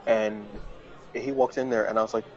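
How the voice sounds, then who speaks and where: A male podcast host telling a casual, self-mocking story and jumping into high, flustered voices when he quotes himself. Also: little pitch movement, normal speed, a little mellow, dull audio.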